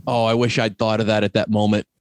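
A middle-aged man hosting a casual chat, telling animated stories and acting out the people in them. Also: lowish voice, fast, no room sound. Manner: animated storyteller, acts out quoted voices. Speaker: podcast host.

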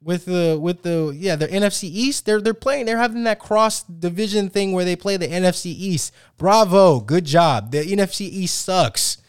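With a smooth, high voice and hardly any pauses, a sports podcast co-host rants about football at a moderate pace. His animated, casual banter is full of restarts and tangents, captured in clean, dry studio sound.

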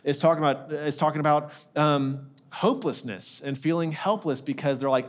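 A middle-aged man preaching, his voice sitting a little high for a man. He talks conversationally, restarting phrases and throwing in casual asides as he works through the scripture. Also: normal speed, hardly any pauses. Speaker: lead pastor. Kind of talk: sermon.

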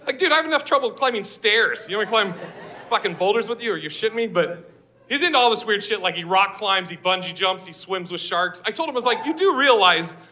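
A high-pitched, bright man performs stand-up comedy in a live show. His delivery is brash and loud, full of swearing and quick laughs at his own lines. His voice jumps around a lot as he tells his stories. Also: animated, slight background noise.

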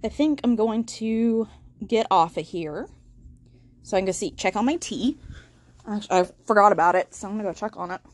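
A woman with a medium-pitched voice speaks briskly as host of a casual solo podcast, rambling, self-deprecating and full of ums.

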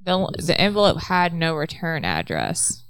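A woman's voice: low-pitched, huge pitch swings, unhurried, a bit bright, clean tone, no echo. A woman in a casual game chat, laying out theories one step at a time. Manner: methodical, lays out theories step by step.

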